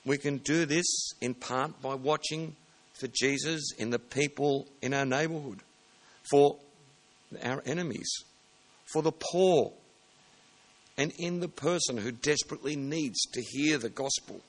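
A man's voice: mid-range voice, unhurried. A man preaching a sermon in a plain, conversational way, sometimes stopping to correct himself. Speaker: pastor.

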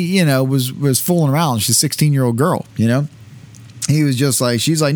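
A man's voice: fairly high pitch, lively intonation, moderate pace, dry recording. A man giving an informal lecture, reading passages aloud with many fillers and casual asides. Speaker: teacher.

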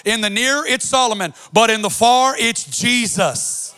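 A man's voice: very high-pitched, a little slow, pushed and bright, clean tone, soft background music. A man preaching a sermon, reading scripture and expounding it with an impassioned, sing-song cadence.

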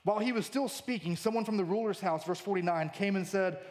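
High-voiced animated male preacher. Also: fast talker. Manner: animated, jokey, acts out quoted lines. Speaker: pastor. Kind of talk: sermon.

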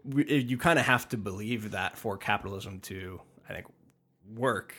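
A man's voice: on the low side, normal speed, fairly bright tone. A man co-hosting a podcast in casual conversation, thoughtful and hedging, often restarting his sentences as he works through ideas. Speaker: podcast co-host.

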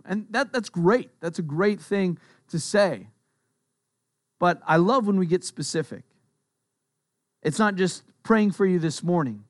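Middle-aged male pastor, slightly high voice, dry close sound, relaxed conversational sermon delivery that leans on repetition. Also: no room sound. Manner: conversational preaching, repeats key phrases.

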